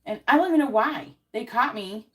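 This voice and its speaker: A woman's voice: a little high, animated, fairly quick, fairly bright tone. A woman who hosts tarot readings, telling a story in an indignant, casual rant full of swearing and fillers. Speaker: tarot card reader host.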